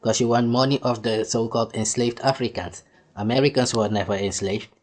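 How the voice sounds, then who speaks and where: A man's voice: mid-range voice, fairly even intonation, brisk. A man giving ranting video commentary on a clip, mocking and scornful, laughing between his jabs.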